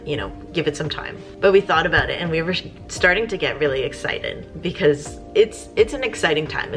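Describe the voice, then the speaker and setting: Low-voiced woman vlogger chatting casually. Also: fairly bright tone. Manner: chatty, rambling with fillers. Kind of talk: casual chat.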